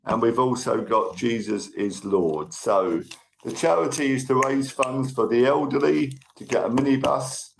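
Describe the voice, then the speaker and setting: A gravelly, mid-range male voice talks a little slowly while hosting a casual livestream, reading comments and thanking viewers by name. He has a tickly cough, and the rough recording has slight background noise.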